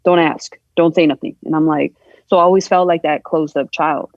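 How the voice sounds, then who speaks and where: A woman guest on a podcast, candidly telling a personal story in a halting, emotional way, acting out the voices she quotes. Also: sits low, steady tone, darkish tone, no room sound. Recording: dull lo-fi sound.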